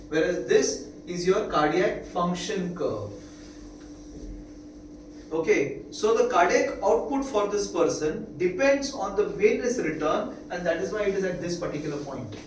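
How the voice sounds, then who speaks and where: A man with an Indian English accent gives a classroom lecture in a high-pitched, expressive voice, repeating key points and asking quick questions to check that students follow. The mic is far off in an echoey room, with a little hiss or hum.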